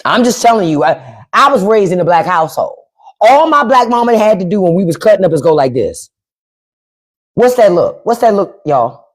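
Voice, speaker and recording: A woman hosting a livestream with casual comedic commentary in African American English, profane and animated, often acting out other people's voices. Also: medium pitch, normal speed. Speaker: podcast host. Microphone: phone or desk mic on a livestream.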